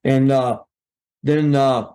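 A man's voice: mid-range voice, slow pace, clear, resonant tone. An older man, a guest telling folksy, rambling stories and acting out what others said. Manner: animated, rambling, acts out quoted voices. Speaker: guest, veteran wrestling referee. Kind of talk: folksy storytelling.

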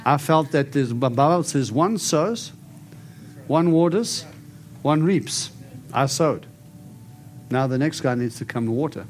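A man preaching and praying over people in an animated, storytelling way. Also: a little high, measured pace, long pauses, slight background noise. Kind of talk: prophetic ministry preaching and prayer.

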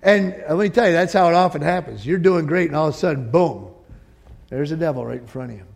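A male pastor preaching a sermon, animated and joking, acting out quotes from the story and the congregation. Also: on the high side, quick pace, creaky, big-room sound. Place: church sanctuary.

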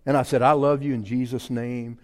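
A middle-aged man preaching a sermon, telling a folksy personal story with animated swings and loud bursts. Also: medium pitch, fairly quick. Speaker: pastor. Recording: long hall reverb.

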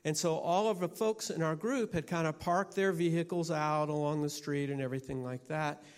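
A man who is a minister and teacher tells a personal story in a sermon, halting and often repeating how he starts his sentences. There is a long hall reverb on his voice. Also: fairly high pitch, steady tone.

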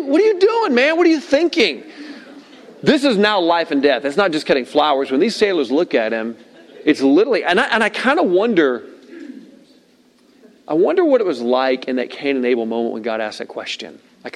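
A man preaching a sermon as a pastor, animated and conversational, slipping into voices and asides to act out scenes. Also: on the high side, gravelly. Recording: long hall reverb.

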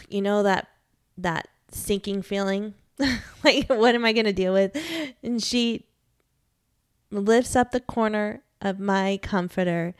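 A woman's voice: medium pitch, creaky, dry recording, studio quality. A woman in her forties, a widowed mother, giving a candid, earnest faith talk with rueful laughs. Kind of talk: personal testimony talk.

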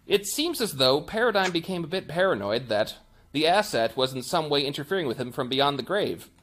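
A man's voice: on the high side, fairly bright tone. A man voicing a smug, formal artificial intelligence that looks down on its older version. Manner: formal, superior. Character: smug upgraded AI assistant, male, calculating. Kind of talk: game master voicing a character.

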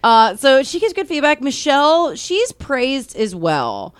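Young woman co-host, higher voice, dry close-miked sound, casual and chatty. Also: sing-song, unhurried, no room sound. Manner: chatty, swears casually, laughs often. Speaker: podcast co-host. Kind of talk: casual recap chat.

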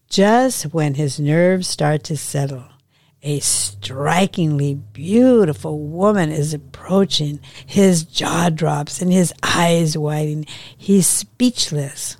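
A woman podcast host reading her own short story aloud in a calm, measured way. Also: low-pitched, no echo, studio quality.

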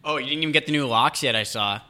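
Bright-voiced young man, goofy and loose. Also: medium pitch, fast. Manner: loose, filler-heavy, goofy. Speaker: podcast co-host. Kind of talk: casual chat.

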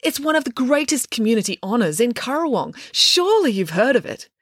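A pompous, vain mayor with a lofty, self-important delivery, put on by a woman reading a storybook. The voice sits higher than the narrator's own and swoops grandly up and down. The sound is dry and close. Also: big pitch swings, brisk, a bit bright, no echo. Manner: grand, haughty and prickly.

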